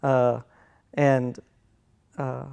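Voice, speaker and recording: A middle-aged man telling family stories in a halting, soft-spoken way, with many fillers and restarts. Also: medium pitch, flat delivery, vocal fry, clear, resonant tone, muffled recording. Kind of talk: casual personal storytelling.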